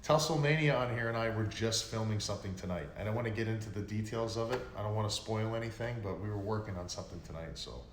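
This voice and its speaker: A man's voice: fairly low pitch, fast, few pauses. A man hosting a livestream, chatting casually with viewers in a rambling, profane way that gets worked up. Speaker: livestream host. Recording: echoey room with faint noise.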